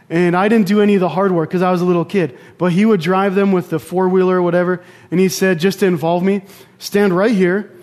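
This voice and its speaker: A man's voice: high voice, a little mellow. A young man preaching a casual sermon, talking conversationally with asides and personal stories. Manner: conversational, storytelling with asides and restarts.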